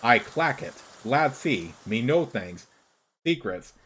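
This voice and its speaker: A man's voice: medium pitch, very animated, slow, a bit bright, a little hiss or hum, poor audio. A man voicing a shrewd, talkative male creature who wanders a fantasy game world, speaking in broken, clipped phrases. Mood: matter-of-fact. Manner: broken, clipped pidgin speech.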